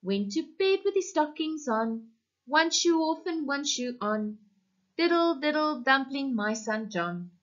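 A woman's voice: a little high, very animated, measured pace. A woman voicing a sentimental, doting mother who talks in a sing-song way in a story reading. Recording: muffled lo-fi recording.

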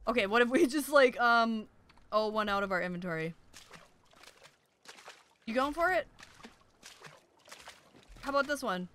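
Young woman let's-play host, high bright voice, excitable and giggly. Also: unhurried, long pauses. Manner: excitable, shrieks and laughs at in-game danger. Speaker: gaming YouTuber.

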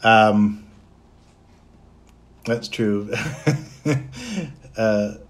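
A man's voice: on the low side, completely flat delivery, extremely slow. A middle-aged man from Canada, a voice actor, chatting casually on a livestream, reading out fan comments and answering them.

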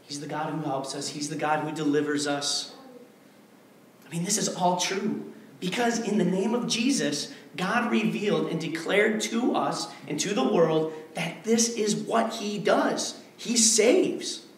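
High-voiced, slow-preaching man in an echoey church. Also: a little hiss or hum. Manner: emphatic, repeats key phrases, swings between hushed and forceful. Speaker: pastor. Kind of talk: sermon. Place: church sanctuary. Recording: very echoey church hall, mic far off.

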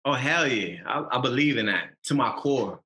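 A man's voice: mid-range voice, lively intonation, moderate pace, sharp tone, roomy sound. A young man, a rapper talking in a casual podcast interview, emphatic and slangy, hammering his points home. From Massachusetts. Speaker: rapper guest.

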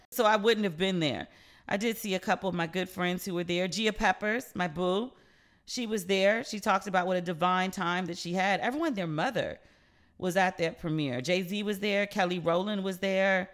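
A woman's voice: mid-range voice, fairly bright tone. A woman hosting her own podcast, talking casually and candidly, with lots of "like" and frequent swearing. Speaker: podcast host. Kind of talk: casual solo podcast chat.

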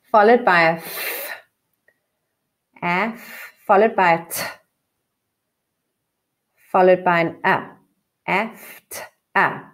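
A woman, teaching a child to sound out and spell a word, slowly and deliberately. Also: on the low side. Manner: slow, deliberate sounding out of letters. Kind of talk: phonics lesson.

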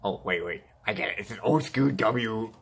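A man's voice: on the low side, normal speed, creaky. A man voicing a boastful, whiny male clown villain in a toy-figure fan play, pleading and taunting by turns and yelping in pain.

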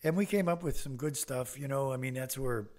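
A man's voice: mid-range voice, a little fast, darkish tone. An older man, a comedian guest on a podcast, telling rambling anecdotes with many fillers and restarts. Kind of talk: casual anecdotes.

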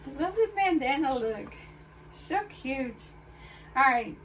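A chatty woman talking straight to her viewers as she tries on clothes. Her voice sits a little high for a woman. She is a bit away from the mic, with faint noise in the background. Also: expressive, slow pace, fairly bright tone, far from the mic, poor audio. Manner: chatty, candid, addresses viewers directly. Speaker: fashion haul vlogger. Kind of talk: casual try-on haul chat.

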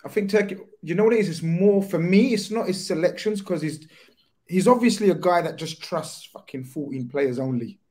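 A man, a football podcast panelist talking in blunt, sweary, animated banter. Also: sits high, fairly quick. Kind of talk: casual chat.

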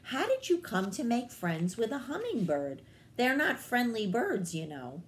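A woman voicing a gentle, humble little bat. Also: on the high side, sing-song, unhurried, a little hiss or hum, pitched above the performer's own voice. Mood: friendly. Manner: humble and pleading. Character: gentle, apologetic small male bat. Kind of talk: children's read-aloud.

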